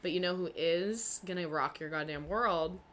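A young woman co-hosting a podcast in casual chat, brash and loud, swearing freely and gossiping. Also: lowish voice, normal speed, crowd noise. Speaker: podcast co-host.

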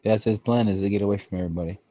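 A man's voice: on the low side, steady tone, rapid-fire, no room sound, highs cut off. A young man co-hosting a podcast, chatting casually and swearing freely. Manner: profane, laid-back, bursts into loud acting. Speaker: podcast co-host. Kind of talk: casual chat.

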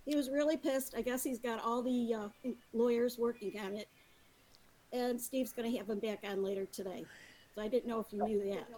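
Quiet, soft-spoken woman caller. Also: a little high, fairly even intonation, normal speed. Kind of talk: casual phone-in chat.

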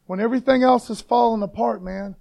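Brief: high-voiced, gravelly man preaching casually, fired-up and conversational. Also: steady tone, fairly quick, darkish tone. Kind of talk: informal devotional talk.

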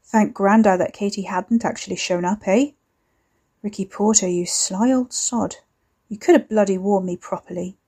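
A woman's voice: medium pitch, moderate pace, warm tone, husky. A woman voicing a reckless, cocky young man, defiant and slangy.

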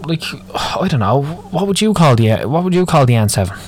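A man's voice: fairly high pitch, big pitch swings, brisk, a little mellow, a little hiss or hum. Sweary Dublin man ranting. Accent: Irish, Dublin. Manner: moaning, sweary, rambling. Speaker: podcast host. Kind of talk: solo ranting podcast.

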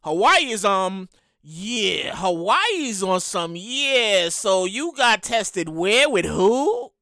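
Casual news-commentary host with a bright, sharp timbre and a very lively delivery. Profane and given to repeats and restarts. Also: mid-range voice, takes it slowly, no room sound, clean studio sound. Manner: animated, profane, acts out other people's reactions; repeats words and restarts often. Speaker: show host.

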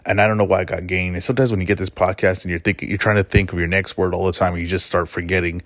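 Man, podcast host, lowish voice, emphatic and opinionated, dry close sound. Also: flat delivery, rapid-fire, a bit bright, no room sound. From Mexican heritage. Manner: opinionated, emphatic, self-correcting. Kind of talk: solo podcast monologue on fights.

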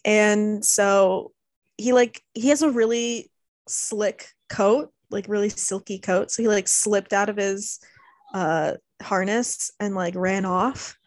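A woman's voice: medium pitch, steady tone, slow, no room sound. A young woman in casual chat, telling a family story with many fillers and acting out what her relatives said. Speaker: podcast co-host.

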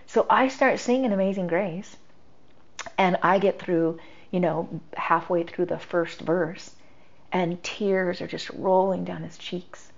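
Middle-aged woman on a podcast, chatty storytelling, lots of "like", a bit of vocal fry, dull lo-fi sound. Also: lowish voice, takes it slowly. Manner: chatty, full of "like" and quoted dialogue. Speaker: podcast guest. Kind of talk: personal storytelling.

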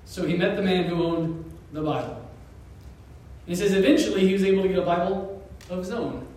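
High-voiced pastor, echoey and distant. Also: male voice. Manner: storytelling, animated, with chuckles and pauses. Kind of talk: sermon. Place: church sanctuary.

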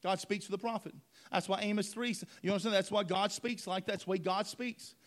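A man's voice: sits high, steady tone, quick pace. A man preaching a sermon in church, emphatic, repeating phrases and asking the congregation if they follow.

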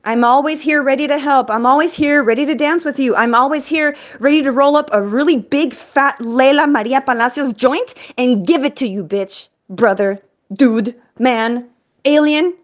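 A woman host delivering an energetic, profane, rambling monologue. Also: high voice, moderate pace. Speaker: podcast host.

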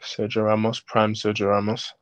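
A man from London with a London accent, a podcast guest talking reflectively and quietly, with many fillers. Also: on the low side, monotone, normal speed, dry recording. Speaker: guest footballer. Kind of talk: casual podcast interview.

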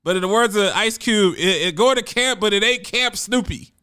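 Man, fairly high voice, sharp bright tone, casual storytelling, conversational, repeats words. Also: normal speed, smooth. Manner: conversational, often repeats words when restarting.

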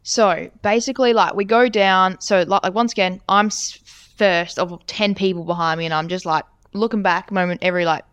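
Smooth-voiced young woman telling a story. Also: medium pitch, fairly even intonation, moderate pace, a bit bright, no echo, muffled recording. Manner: rambling, heavy filler words and swearing. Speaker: podcast co-host. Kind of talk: casual storytelling chat.

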